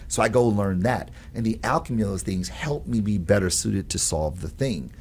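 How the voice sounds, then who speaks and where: A man who teaches at a college, explaining his ideas on learning in an animated, storytelling way and often adding "right?". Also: on the low side, moderate pace, few pauses, a little hiss or hum. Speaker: professor. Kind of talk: conversational explanation.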